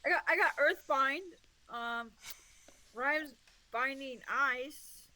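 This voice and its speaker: A woman's voice: high voice, takes it slowly, pushed and bright, rough recording. A woman playing a tabletop game, hesitant and restarting her sentences as she checks her options. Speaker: player. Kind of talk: casual tabletop play.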